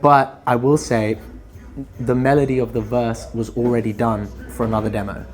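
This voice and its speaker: A man, a musician, chatting casually in an interview in a relaxed, rambling way that trails off softly at times. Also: medium pitch, moderate pace. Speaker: musician guest.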